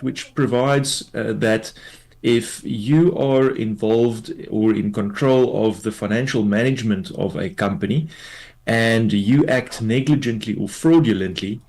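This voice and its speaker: A man, a tax law expert, explains a court ruling in a measured way, with many fillers, in a radio news interview. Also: on the low side, darkish tone.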